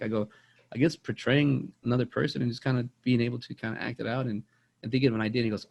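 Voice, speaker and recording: A man's voice: mid-range voice, steady tone, fast talker, creaky, a little mellow. A young man, rambling through a casual movie chat on a podcast and repeating words as he tells stories. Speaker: podcast co-host.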